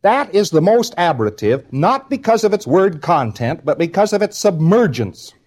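A man's voice: high voice, big pitch swings, moderate pace, darkish tone. A man delivering an informal spoken lecture in a conversational, wry manner, now and then acting out short quotes.

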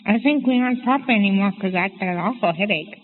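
A man in a therapy session, slowly repeating short phrases over and over. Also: high voice. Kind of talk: slow repeated phrases under guidance. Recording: tinny old archival tape with reverb and hiss.

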